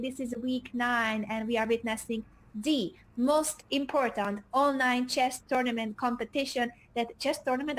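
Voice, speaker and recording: A woman co-commentating live chess, energetic and hyping up the stream chat. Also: high voice.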